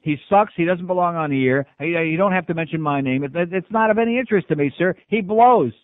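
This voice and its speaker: A gruff, sarcastic man hosts a call-in radio show, cutting callers down. His voice sits a little high. The sound is dry and thin like an old phone-line broadcast. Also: quick pace, no room sound. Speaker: radio talk show host.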